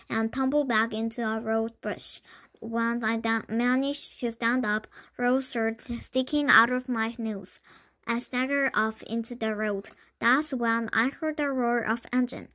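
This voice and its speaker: A woman's voice: fairly high pitch, a bit bright. A young woman reading a children's book aloud, often tripping over words and restarting them. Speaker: storybook reader.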